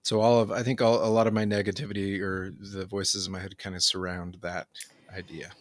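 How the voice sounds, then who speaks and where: A man in casual conversation, talking in a halting, reflective way with many fillers and restarts. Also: low voice, little pitch movement. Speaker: conversation partner.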